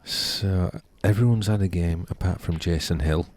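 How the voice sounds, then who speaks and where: A man's voice: deep voice, normal speed, darkish tone. A man giving a laid-back, rambling tournament update with dry humour. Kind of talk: casual commentary update.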